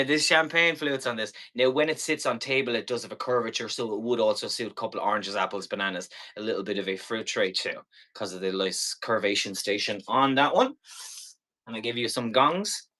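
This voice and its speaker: A man's voice: mid-range voice, a little fast, bright, forceful tone. A man hosting a live selling stream, chatty and playful as he rambles through each item. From Ireland.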